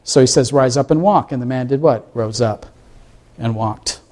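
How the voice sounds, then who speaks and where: A man's voice: mid-range voice, moderate pace, darkish tone. A male pastor preaching a sermon, full of rhetorical questions and acted-out quotes.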